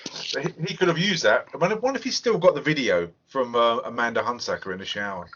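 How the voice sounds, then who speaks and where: A man hosting a film podcast talks in a rambling, animated way and swears now and then. His voice sits at a middle pitch, and the recording sounds slightly muffled. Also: fast. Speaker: podcast host. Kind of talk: casual film review chat.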